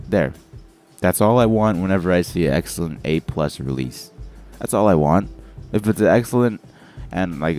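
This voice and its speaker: Young man, very deep groggy voice, rambling game commentary over faint music. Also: a little mellow. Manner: rambling, self-correcting, groggy morning voice. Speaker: gaming commentator. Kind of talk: casual gameplay commentary.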